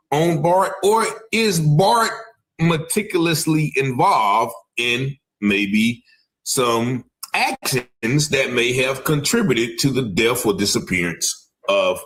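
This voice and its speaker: Man, mid-pitched, hosting true-crime commentary; emphatic, keeps hedging, picks apart clips. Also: fairly bright tone. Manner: emphatic, repeats "allegedly", stops to replay clips. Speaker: commentary channel host.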